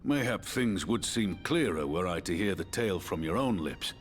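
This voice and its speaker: A dignified fantasy commander with a low, steady voice. He chooses old-fashioned, courteous words. Faint music plays beneath. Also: normal speed. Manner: formal, archaic phrasing. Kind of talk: game cutscene voice acting.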